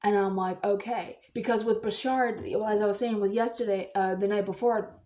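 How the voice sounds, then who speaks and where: A woman vlogger telling a personal story in a chatty, rambling way, breaking into loud excited bursts. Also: medium pitch, normal speed.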